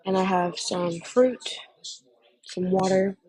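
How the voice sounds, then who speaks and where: A woman's voice: medium pitch, takes it slowly, darkish tone, husky, rough recording. A young woman on a casual phone chat, gushing and emotional, calling the listener honey.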